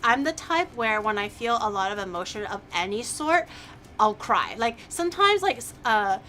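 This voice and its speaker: A woman streamer in casual chat, animated and laughing often, acting out quotes in a raised voice. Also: a little high, normal speed.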